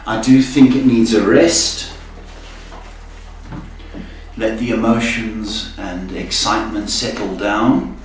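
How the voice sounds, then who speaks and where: A man hosting a live-stream psychic reading, talking gently and often checking in with "okay?". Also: lowish voice, steady tone. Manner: slow, soothing, ends phrases with "okay?". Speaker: psychic host. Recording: echoey room, mic far off, faint noise.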